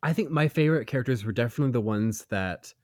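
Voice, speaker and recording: A man's voice: medium pitch, animated, fast, a little mellow, dry recording. Laid-back man, dry close mic. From United States. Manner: easygoing, laughs often, trails off mid-sentence. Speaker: voice actor guest. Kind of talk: casual interview chat. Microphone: home recording mic.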